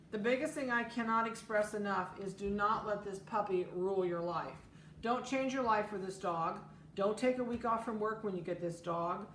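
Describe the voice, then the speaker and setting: A middle-aged woman talks in a firm, direct way, hammering home her rules for new puppy owners. Her voice sits at an ordinary pitch and rings a little in an echoey room. A faint ambient hum runs underneath. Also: fairly bright tone. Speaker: dog breeder. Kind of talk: informal instructional talk.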